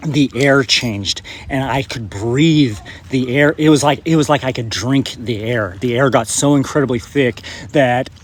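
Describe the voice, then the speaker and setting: A man from West Texas, rambling and emphatic in a casual spiritual vlog, his voice a bit hoarse, recorded outdoors in a field. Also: mid-range voice, measured pace, hardly any pauses. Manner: rambling and emphatic, urging viewers. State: slightly hoarse. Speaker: spiritual vlogger.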